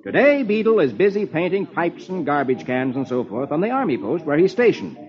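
A man's voice: on the high side, big pitch swings, a little fast, over music. A man hosting an old children's radio show, reading the comics aloud in a playful, sing-song storytelling manner. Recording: muffled old radio broadcast.

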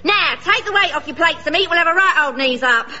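A woman's voice: very high-pitched, animated, fairly quick, bright, forceful tone, exaggerated voice. A woman voicing a brash, saucy Cockney wife in a comic radio play, full of rhyming slang. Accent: London Cockney. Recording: dull lo-fi recording with music.

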